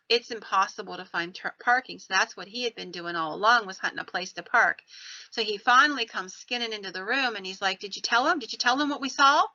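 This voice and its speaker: A woman hosting a podcast, telling a ghost story in an animated, digressive way. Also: mid-range voice, gravelly, no echo, dull audio. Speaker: podcast host.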